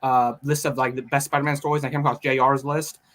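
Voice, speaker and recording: A man from California calling into a live podcast from his room, talking haltingly with many fillers and apologies. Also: medium pitch, level tone, fairly bright tone. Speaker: caller. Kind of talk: casual live-stream chat.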